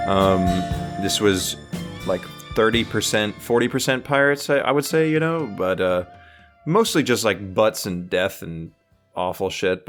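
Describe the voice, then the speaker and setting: Brief: low-voiced male podcast host, animated and profane, faint music behind. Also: measured pace. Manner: animated, profane, laughing storyteller. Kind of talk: casual comedic podcast chat.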